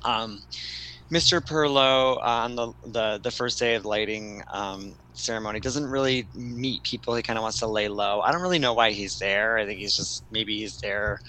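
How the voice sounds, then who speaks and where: A man's voice: fairly low pitch, moderate pace, pushed and bright, slight background noise, poor audio. A man casually retelling a story to a friend, rambling with lots of fillers and restarts.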